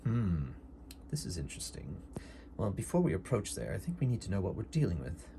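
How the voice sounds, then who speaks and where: A man's voice: sits low, big pitch swings, brisk, noisy background. A man voicing a pompous upper-class male doctor in a solo tabletop game, using a put-on posh accent. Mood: genteel.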